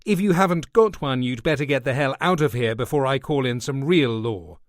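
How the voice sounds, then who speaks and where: A man's voice: medium pitch, expressive, brisk, no room sound, clean studio sound, lightly acted. Man doing a sly, sour club boss. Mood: defiant. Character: sour, scheming male nightclub boss.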